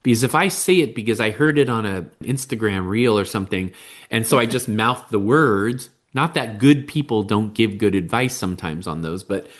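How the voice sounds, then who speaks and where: A man's voice: lowish voice, expressive, normal speed. Parenting coach guy on a podcast, chatty, keeps acting out little quotes. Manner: conversational, explains with acted-out quotes. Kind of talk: podcast interview.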